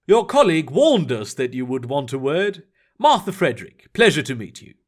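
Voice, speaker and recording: A man voicing a warm, refined woman pilot with an English accent in a read-aloud story. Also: sits low, big pitch swings, normal speed. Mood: polite. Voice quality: refined, polished.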